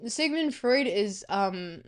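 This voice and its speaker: A woman's voice: mid-range voice, lively intonation, takes it slowly. A woman streamer in a casual livestream chat, goofy and rambling, swearing freely.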